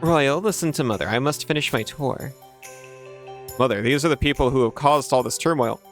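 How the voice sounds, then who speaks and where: A man's voice: mid-range voice, normal speed, close to an everyday voice. An anxious, earnest young son, voiced by a man, pleading and urgent, his voice pushed a bit above the reader's own. Faint music runs behind this game dialogue. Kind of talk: reading game dialogue aloud.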